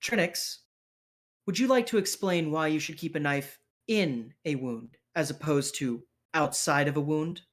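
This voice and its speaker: A man's voice: fairly high pitch, a little slow, lightly acted. A man doing Mister Violet, gaunt and menacing. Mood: cold, probing.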